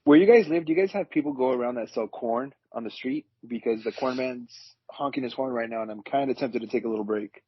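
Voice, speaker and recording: A man joining a casual sports podcast, tossing in quick jokes and asides. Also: medium pitch, breathy edge. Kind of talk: casual chat. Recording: dull lo-fi remote audio.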